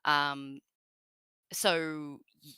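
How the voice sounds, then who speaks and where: A woman's voice: low-pitched, little pitch movement, very slow, sharp tone, clean tone, dry recording. A woman with an Australian accent, a guest in an interview, chatting casually with many fillers and laughs.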